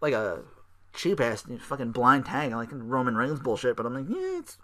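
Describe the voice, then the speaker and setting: A man alone at the mic running his own podcast, with a bright, forceful edge in his voice. He rambles through a recap full of fillers and restarts. His tone stays sarcastic and profane, with mocking put-on voices and tired sighs. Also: mid-range voice, normal speed. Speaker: podcast host.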